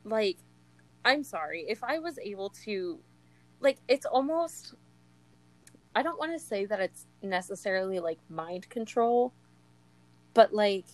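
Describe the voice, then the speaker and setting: Young woman, unhurried but excitable book-chat co-host, laughs a lot, leans on "like". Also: mid-range voice, poor audio. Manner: gushing, laughs often, many "like" fillers. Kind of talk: casual chat.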